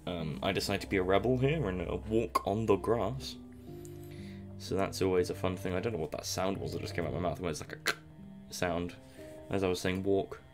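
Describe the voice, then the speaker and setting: A young man talks through his gameplay in a deep, low voice, wandering from thought to thought with a self-mocking, chuckling manner. Soft music plays faintly underneath. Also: normal speed. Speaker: gameplay commentator. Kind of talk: casual post-recorded game commentary.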